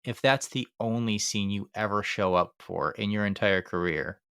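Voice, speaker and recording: A man's voice: fairly low pitch, moderate pace, a bit bright, smooth, no room sound, clean studio sound. A man hosting a podcast, chatty and reactive, with lots of fillers, who wraps up the show. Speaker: podcast host. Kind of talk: casual chat and show outro.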